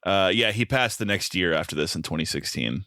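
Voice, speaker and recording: A man's voice: deep voice, animated, brisk, bright, forceful tone, dry recording. A man co-hosting a podcast, chatting casually about a film in a dry, wry, joking way with plenty of ums. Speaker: podcast co-host. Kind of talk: casual film-review chat.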